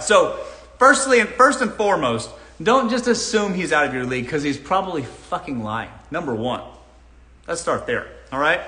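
A man hosts a live dating Q&A and gives advice bluntly, swearing freely. His voice sits a bit high and bright, and it jumps around a lot in pitch. The recording has a roomy echo. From Los Angeles. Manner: blunt, profane, animated.

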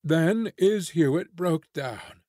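A man's voice: a little high, animated, slow, dark tone, no room sound. Man narrating an audiobook, dry sound. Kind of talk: scripted narration of a classic novel.

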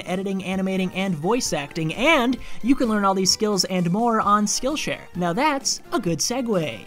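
The host, a man, runs through a sponsor read with a light joke here and there. His pitch is mid, and faint music plays under him. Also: fairly bright tone. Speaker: channel host.

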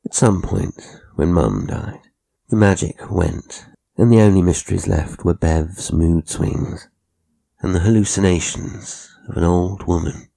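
A man narrates a horror audiobook with measured, atmospheric delivery. His voice is very deep and gravelly, with a dark, husky tone. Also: fairly even intonation.

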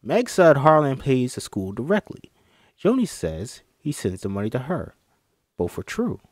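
A man's voice: medium pitch, wildly swooping pitch, normal speed, no room sound, clean studio sound. A man voicing a courtly, probing male detective in a screenplay table read, drifting in and out of a put-on accent. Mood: insistent.

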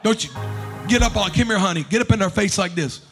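A man with a very high voice preaches in a church sanctuary, shouting and chanting his refrains. Soft music plays faintly behind him. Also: fast. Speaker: pastor. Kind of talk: sermon.

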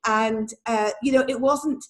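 Northern Irish woman, 40s, guest on an interview, bright higher register, animated and laughing. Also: measured pace. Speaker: guest, prophet and church leader. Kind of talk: casual interview talk.

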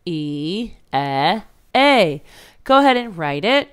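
Slow, patient woman teaching phonics. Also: on the low side, big pitch swings, clean tone. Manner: slow, patient, drawn-out sounding out of letters. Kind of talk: phonics lesson for young children.

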